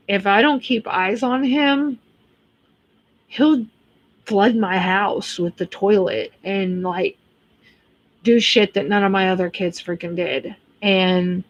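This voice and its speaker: Blunt American woman, casual livestream chat, mid-pitched voice, dry close sound. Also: dry recording, muffled recording. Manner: blunt, chatty, swears freely. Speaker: livestream host reading chat.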